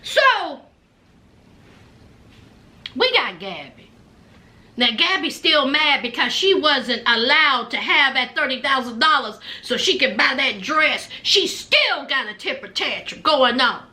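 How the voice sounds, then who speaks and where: A woman's voice: high voice, very animated, takes it slowly, sharp tone. A woman, recapping a reality show in a blunt, sassy way to her viewers. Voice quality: thick accent. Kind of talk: casual recap vlog.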